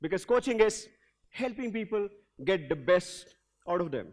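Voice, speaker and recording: A man giving an energetic motivational keynote as a leadership coach in a hotel event hall, telling a story and leading the audience in call-and-response. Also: sits high, normal speed.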